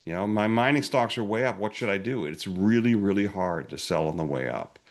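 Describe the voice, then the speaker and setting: Male advisor guest, deep voice, plainspoken, conversational. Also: expressive, a little fast. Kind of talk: conversational panel discussion.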